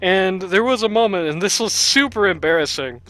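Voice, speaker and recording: A man's voice: sits high, expressive, moderate pace, fairly bright tone, faint music behind, poor audio. A man casting a video game match in a joking, chatty way and cracking jokes with his co-caster. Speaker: esports caster. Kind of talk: casual game commentary.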